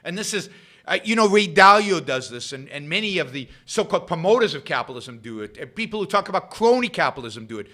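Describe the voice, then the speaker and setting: A man's voice: on the high side, sing-song, fast, pushed and bright. A man hosting his own show, delivering an argumentative solo commentary to a live audience and hammering points home by repeating phrases. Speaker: show host. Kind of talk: solo political commentary livestream.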